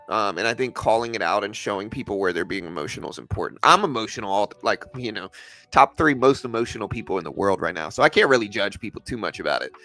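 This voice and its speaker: A man on a casual livestream argues with viewers in a bright, forceful voice. His pitch swings all over as he talks back to them, stumbling and repeating himself. Faint music plays underneath. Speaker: livestream host. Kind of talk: casual livestream market commentary answering chat.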